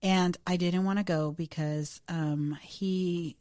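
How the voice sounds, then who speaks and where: A woman's voice: on the low side, steady tone, slow pace, a little mellow, dry recording, clean studio sound. A woman co-hosting a podcast, telling a personal story in a chatty, self-deprecating way with the odd swear word. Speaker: podcast co-host. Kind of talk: casual storytelling chat.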